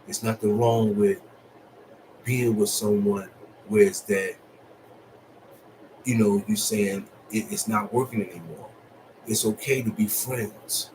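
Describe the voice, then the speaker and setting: A man giving blunt, profane relationship advice in a casual monologue, moving from calm and low to loud and high. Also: slow, long pauses, a little hiss or hum, rough recording. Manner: profane, blunt street talk with lots of laughing. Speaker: vlogger.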